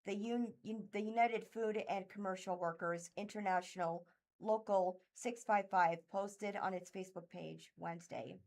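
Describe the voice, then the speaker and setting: A woman reading local news articles aloud for a radio reading service, halting and stumbling over names and words. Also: mid-range voice, fairly even intonation, gravelly, a little mellow. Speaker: volunteer news reader. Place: thrift store.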